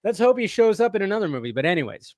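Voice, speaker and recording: Man, live-stream host, casual rambling chat, higher voice, dry close sound. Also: very animated, very fast, dry recording. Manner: rambling, restarts often, reads chat aloud.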